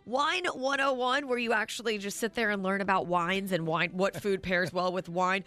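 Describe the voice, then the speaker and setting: A woman's voice: mid-range voice, fairly even intonation, normal speed, pushed and bright. A woman co-hosting a radio show, teasing her partner with casual, exasperated banter.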